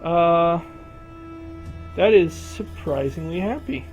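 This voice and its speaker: Man voicing strategy-game commentary, slow and unhurried, thinks aloud, soft game music behind. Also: on the high side, expressive, rough recording. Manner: thinks aloud, addresses game regions directly. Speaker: gameplay commentator.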